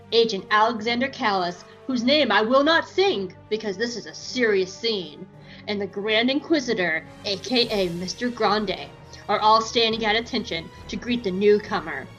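A woman's voice: mid-range voice, normal speed, a bit bright, lo-fi sound, faint music behind. A woman podcast co-host chatting casually through an episode recap, giggly and swearing freely.

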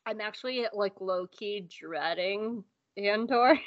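Brief: woman co-host, rambling jokey recap, mid pitch, slightly muffled lo-fi sound with faint music behind. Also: no room sound. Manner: rambling and jokey, with quick asides. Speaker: podcast co-host. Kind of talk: casual recap chat.

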